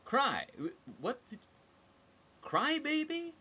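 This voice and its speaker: A man voicing a brash, crude, foul-mouthed soldier woman in a storybook reading, loud and sarcastic. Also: fairly high pitch, sing-song, slow pace, voice pushed up, full character voice.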